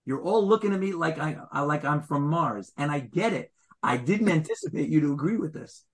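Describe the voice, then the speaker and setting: Male teacher giving a Torah class; slightly high voice; explains Hebrew wording and quizzes the room. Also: animated, a little fast.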